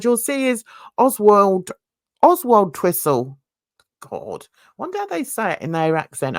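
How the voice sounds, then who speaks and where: A woman's voice: mid-range voice, no echo, studio quality. A woman talking casually to her viewers in a chatty, rambling way, full of asides and questions to her audience. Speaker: YouTube commentator. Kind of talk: casual chat to camera.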